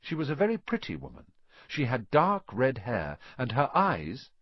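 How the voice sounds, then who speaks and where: A man narrating a story in an expressive reading voice, dropping to a hush at quiet moments. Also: mid-range voice, normal speed, no room sound, dull audio. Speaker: audiobook narrator.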